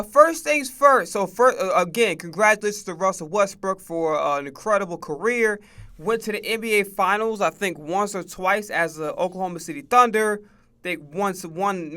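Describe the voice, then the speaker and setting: A man's voice: high voice, sharp tone, clean tone. A man streaming casual sports reaction talk, profane and laughing, often stammering and repeating himself.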